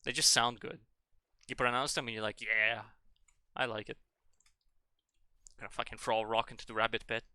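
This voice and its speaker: Man, russian-english-french accent, playful streamer, rambling chat, very bright tone, smooth clear voice. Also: mid-range voice, fast, no room sound. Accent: mixed Russian, French and English. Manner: playful, rambling, bursts of excitement. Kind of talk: casual gameplay commentary.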